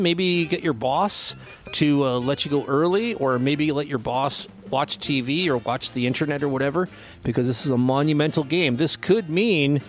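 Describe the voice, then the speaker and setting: A man from Canada hosting a radio show, talking in a loose, rambling way with plenty of ums and restarts. His voice sits a touch high for a man. Faint music plays softly beneath him. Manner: chatty, rambling, full of fillers and restarts. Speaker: radio host. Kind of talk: casual radio chat.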